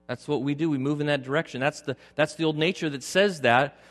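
A middle-aged male pastor preaching a sermon, moving from loud emphatic points to a quiet personal story. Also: a little high, brisk. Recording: long hall reverb with faint music.

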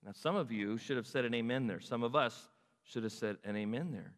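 A man preaching a sermon in an animated way, acting out God's words and asking his listeners questions. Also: medium pitch, brisk, big-room sound. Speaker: pastor.

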